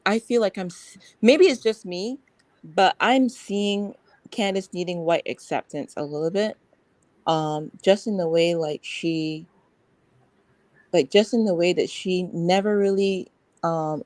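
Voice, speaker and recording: A woman's voice: lowish voice, a little mellow, dry recording, low-quality recording. Rambling woman in a dry room. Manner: rambling, frank, lots of fillers. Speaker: guest. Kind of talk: casual chat.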